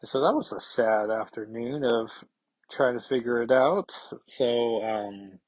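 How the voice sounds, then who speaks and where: Male comics podcast host, husky, halting casual delivery, dry close mic. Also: mid-range voice, no room sound, rough recording. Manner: hesitant, many fillers and restarts.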